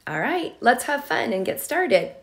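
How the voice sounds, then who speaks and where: A woman preschool teacher speaking to young children in a slow, sing-song, encouraging way, stretching out words as she claps them. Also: high voice, sing-song, a bit bright, husky.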